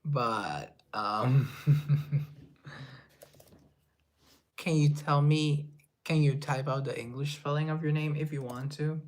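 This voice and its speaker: A young Colombian livestreamer and musician chats casually, reading out viewer comments and rambling in a self-deprecating way. His voice is fairly high, and he speaks slowly with long pauses.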